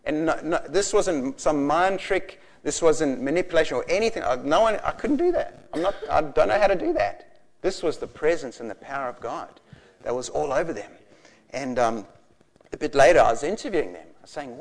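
A man in his forties preaching a sermon, passionate and animated, telling stories with bursts of laughter. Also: fairly high pitch, fairly quick. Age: 40s. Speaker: pastor.

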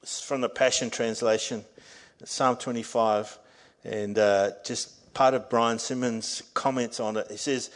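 A man's voice: medium pitch, fairly even intonation, a little slow. Earnest male pastor preaching. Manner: earnest preaching that swells to loud, emphatic reading. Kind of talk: sermon. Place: church service. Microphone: microphone.

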